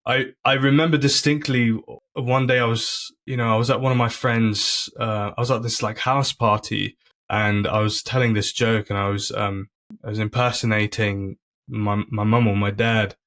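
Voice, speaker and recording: A man's voice: on the low side, level tone, moderate pace, a bit bright. A comedian, a man, chatting as a podcast guest and telling stories in an earnest way. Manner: earnest, storytelling, many fillers and restarts. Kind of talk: casual chat.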